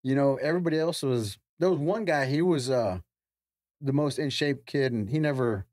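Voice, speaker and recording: A man's voice: mid-range voice, normal speed, a little mellow, no echo, studio quality. A man in his forties, a podcast guest, telling firefighting stories in a casual way, acting out other people's lines and swearing freely. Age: 40s. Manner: acts out quoted voices, casual swearing.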